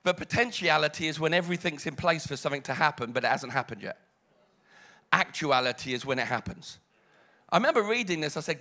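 A British man preaching a sermon, dramatic, dropping to hushed lines and rising loud. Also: fairly high pitch, animated, quick pace.

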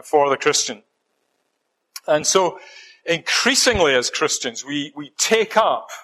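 A middle-aged man with a Scottish accent preaching a sermon, gentle and halting, with many fillers and restarts. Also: mid-range voice, poor audio.

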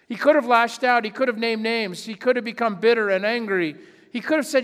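A male pastor with a high, slightly bright voice preaches fairly quickly in an easy, conversational way. He is self-deprecating, owns up to his failings, and uses mock voices for imagined people. The long reverb of a church hall rings around his words.

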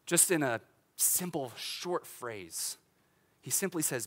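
A middle-aged man, a pastor, preaching a sermon in a church in a casual, animated way, with laughs and restarts. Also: fairly high pitch, measured pace. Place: church sanctuary.

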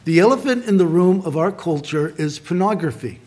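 Earnest preaching man, slightly high voice. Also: lively intonation, a little mellow. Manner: earnest, conversational preaching with slowed emphasis. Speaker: pastor. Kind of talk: sermon.

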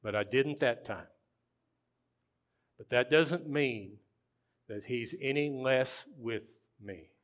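A man preaching a sermon, slow and earnest, pausing often and letting phrases trail off softly. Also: mid-range voice. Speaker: pastor.

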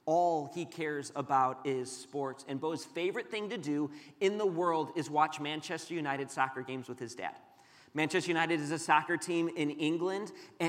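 A man in his thirties delivers a sermon with a bright, forceful, slightly high voice. He tells stories, rising to loud urging and dropping to hushed tones. The sound carries a long church-hall reverb. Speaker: pastor.

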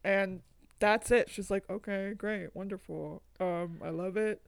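Woman podcast co-host, rambling and animated, mid pitch, dry close sound. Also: unhurried, creaky, clear, resonant tone, no room sound. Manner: animated, rambling, swearing freely. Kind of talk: casual chat.

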